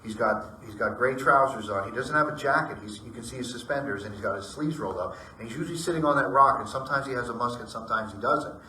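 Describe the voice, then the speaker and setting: Bright-voiced man telling ghost stories. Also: mid-range voice, quick pace, few pauses. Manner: animated, acts out quoted voices. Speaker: guest storyteller. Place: library meeting room. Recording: echoey room, distant mic, faint noise.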